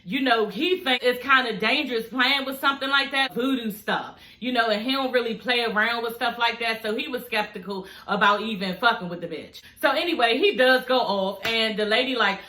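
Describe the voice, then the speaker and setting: A woman YouTuber recaps a reality show in a sassy, blunt, profane casual chat, laughing often. Her voice is high, bright and forceful at a normal speed, recorded in an echoey room.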